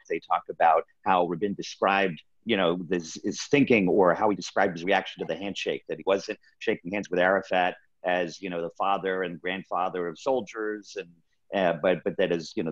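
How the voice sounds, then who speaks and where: A man with a very low voice offers a reflective, measured comment during an online class. The sound is dry and close, and the video-call audio is muffled. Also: no room sound. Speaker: class participant.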